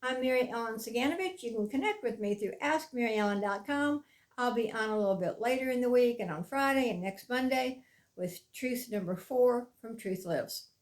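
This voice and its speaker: A middle-aged woman giving an earnest motivational talk as a mindfulness coach, stressing key phrases slowly. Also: a little high, expressive. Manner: earnest, emphatic, with slow deliberate stresses.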